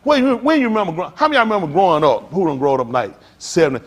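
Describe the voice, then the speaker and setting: A man preaching a sermon as pastor, telling stories with loud outbursts. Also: high voice, very fast. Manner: animated preaching with storytelling, loud outbursts and laughs.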